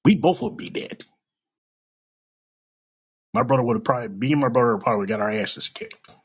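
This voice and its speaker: A man's voice: mid-range voice, lively intonation, normal speed, breathy edge. A man telling a personal story aloud in a blunt, profane and emotional way.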